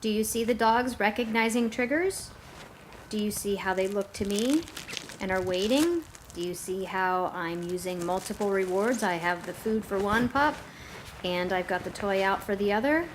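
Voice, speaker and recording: A woman dog trainer giving a calm, explanatory voice-over narration. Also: medium pitch, moderate pace, slight background noise.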